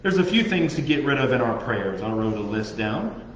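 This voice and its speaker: A man preaching to a youth group, joking and animated, mimicking people's prayers. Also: medium pitch, moderate pace, a little hiss or hum. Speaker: youth pastor. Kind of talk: sermon. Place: youth group meeting room. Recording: echoey dull room recording.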